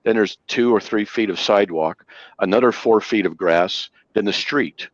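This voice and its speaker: A man hosting a casual chat, telling stories with animated quoted voices. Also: normal speed, no room sound. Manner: animated storyteller, acts out quotes in a high voice. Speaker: host. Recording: dull lo-fi dry sound.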